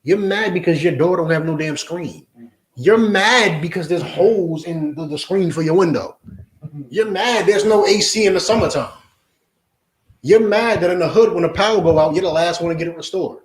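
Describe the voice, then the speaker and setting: A Hebrew Israelite teacher preaches a confrontational lesson, blunt and forceful, hammering his points home with repeated questions. His voice is fairly high for a man and his pace is moderate. The sound rings around a reverberant room.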